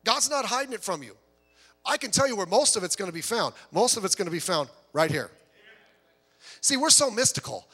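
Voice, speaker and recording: Male pastor, high bright voice, animated storytelling sermon with jokes, long hall reverb. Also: brisk, breathy edge.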